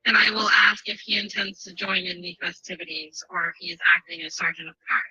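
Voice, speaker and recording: A woman's voice: on the low side, completely flat delivery, a little fast, bright, forceful tone, dull audio. A woman playing a tabletop game over voice chat, talking hesitantly and asking out-of-character questions. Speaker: player. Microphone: online voice call.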